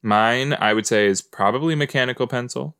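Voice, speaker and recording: A man's voice: medium pitch, fairly quick, fairly bright tone, clean tone, no echo, clean studio sound. A man hosting a podcast, chatting casually and musing aloud as he reacts to a show playing in front of him. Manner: chatty, musing, talks to the screen. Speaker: podcast host. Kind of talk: casual reaction commentary while watching a show.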